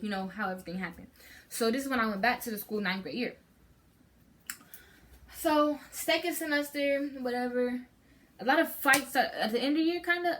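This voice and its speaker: A teen vlogger with a fairly high, slightly bright voice tells a rambling, chatty story to her channel over slight background noise. She repeatedly restarts her sentences and fills the gaps with "like" and "um".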